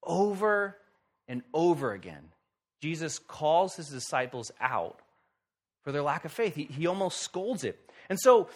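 A man pastor giving a sermon in a conversational, lively way with wry humor. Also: a little high, a little slow.

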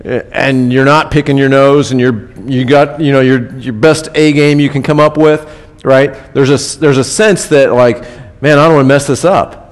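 A man's voice: medium pitch, fairly even intonation, normal speed. A man preaching a sermon in a casual, conversational way, repeating key phrases for emphasis. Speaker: pastor. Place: church.

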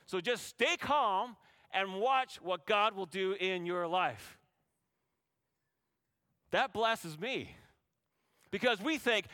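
A man's voice: high voice, takes it slowly, pauses often, pushed and bright, dry recording, studio quality. A man preaching a sermon, asking the congregation rhetorical questions and acting out biblical speakers in a raised voice. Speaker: pastor.

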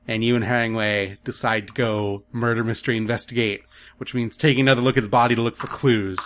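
A man co-hosting a casual podcast chat, recounting a game plot in a quick, wry way. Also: medium pitch, steady tone, a bit bright. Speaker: podcast co-host.

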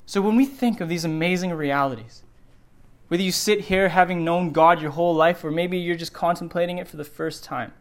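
Preaching in a church sanctuary, this middle-aged pastor speaks briskly in a slightly high voice. His sermon is earnest, with phrases repeated for emphasis.

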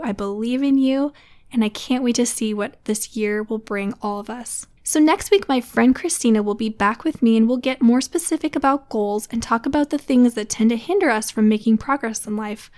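A woman in her thirties hosting a casual solo podcast, chatty and encouraging as she talks to other mothers. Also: a little high. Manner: warm, encouraging, chatty with laughs. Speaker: podcast host.

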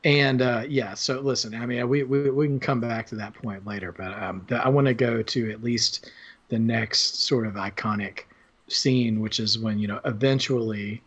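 A man's voice: mid-range voice, steady tone, normal speed, fairly bright tone, slightly rough, dull audio. A man hosting a podcast, talking about films in a casual, rambling way with lots of fillers and restarts. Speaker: podcast host. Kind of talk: casual film discussion.

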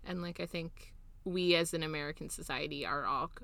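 A young woman chats on a podcast with a bright, forward tone, recorded dry and close. She talks quick and sardonic, tossing in swears. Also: sits low, no room sound. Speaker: podcast co-host. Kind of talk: casual chat.

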